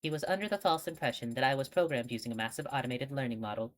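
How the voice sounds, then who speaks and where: A woman's voice: very deep voice, rapid-fire. A woman voicing a polite, earnest female android investigator with a slightly formal way of speaking, reading game dialogue. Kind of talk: game dialogue read aloud.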